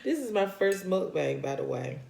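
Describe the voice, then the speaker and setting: A woman's voice: mid-range voice, sing-song, normal speed, vocal fry, mellow, faint music behind. A woman vlogger chatting casually while eating on camera, folksy and talkative, circling back to repeat her points between bites. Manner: talks between bites of food. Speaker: vlogger sharing her weight-loss journey. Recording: echoey room.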